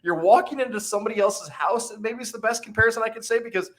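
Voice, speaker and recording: A man's voice: high-pitched, quick pace, a bit bright. A man hosting a podcast, chatting with enthusiasm and affirming his guest. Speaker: podcast host. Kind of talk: casual interview chat.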